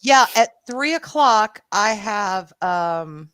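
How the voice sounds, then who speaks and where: A woman with a Southern drawl co-hosts a casual live stream, talking in a lively, animated way and swearing freely. Her voice is bright and forceful. The sound is dry and close. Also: mid-range voice, slow pace, clean tone, no room sound. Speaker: co-host of a live show.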